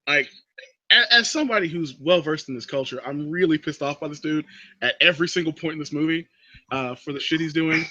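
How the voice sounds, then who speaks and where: A man hosting a casual movie review chat, recapping scenes with sarcastic, animated commentary. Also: on the high side, brisk, no echo, muffled recording. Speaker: podcast host.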